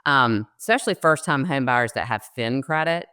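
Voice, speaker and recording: A woman's voice: a bass voice, expressive, moderate pace, sharp tone, smooth, dry recording, studio quality. A middle-aged woman, a mortgage loan officer, explaining credit scores in a casual podcast interview with frequent fillers.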